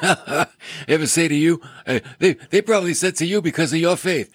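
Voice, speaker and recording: A man preaching a sermon on scripture, emphatic, with dramatic swings in his pitch. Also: brisk, no room sound.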